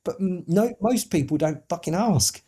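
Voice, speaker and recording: A man's voice: sits high, normal speed, slightly rough. A man from the United Kingdom, a podcast guest, telling stories animatedly, acting out other voices and swearing casually. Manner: animated storytelling, acts out voices. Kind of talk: podcast interview.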